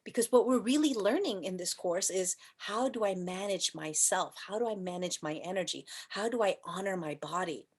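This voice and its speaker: A woman's voice: mid-range voice, normal speed, few pauses, breathy edge. Chatty woman teaching a yoga class. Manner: chatty, rhetorical questions, playful; soft chanting and whispering at times.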